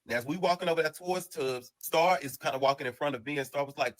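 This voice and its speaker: A man telling a casual storytime monologue in an animated, slang-heavy, rambling way full of restarts. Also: on the high side, fast, hardly any pauses, low-quality recording.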